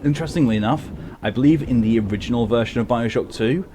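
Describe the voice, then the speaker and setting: A man's voice: medium pitch, quick pace, mellow, slight background noise. A man streaming a game, chatting wryly through his commentary and laughing often. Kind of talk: gameplay commentary.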